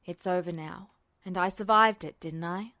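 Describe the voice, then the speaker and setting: A woman voicing a weary adult male army officer, dry and protective, speaking low with wry understatement. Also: moderate pace, sharp tone, dry recording. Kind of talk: podfic reading.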